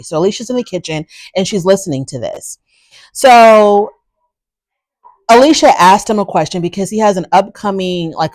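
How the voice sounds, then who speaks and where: A woman's voice: sits low, darkish tone, no room sound. A woman hosting a casual recap show, giving frank, opinionated commentary in a chatty way. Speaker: reality show recap host.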